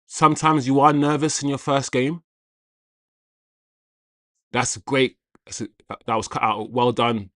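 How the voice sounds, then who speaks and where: Excitable man hosting a watchalong. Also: mid-range voice, unhurried, pauses often, dry recording, clean studio sound. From Jamaican heritage. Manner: excitable, shouts out viewers, reacts to play. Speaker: football watchalong host. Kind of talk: live match commentary and chat.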